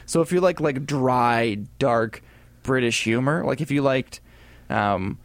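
A man co-hosting a casual gaming podcast, talking in a chatty, rambling way with animated asides. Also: mid-range voice, measured pace, no room sound. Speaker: podcast co-host.

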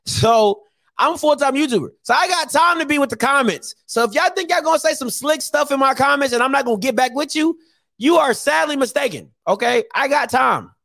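A man's voice: very high-pitched, animated, brisk, gravelly, sharp tone, dry recording, studio quality. A man hosting his own YouTube show, chatting casually and teasing viewers, with lots of fillers. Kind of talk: casual live-stream talk.

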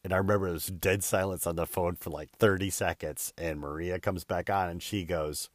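A man's voice: sits low, fairly even intonation, brisk, dry recording, studio quality. Candid rambling man telling a story. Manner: rambling, frequent fillers and "da, da, da" asides; candid, self-deprecating. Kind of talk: casual storytelling monologue.

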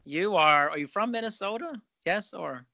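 Man, podcast host, casual chat, jokey and energetic, dry close recording. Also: high-pitched, moderate pace, creaky, dry recording. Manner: energetic, joking, riffs in long run-on thoughts.

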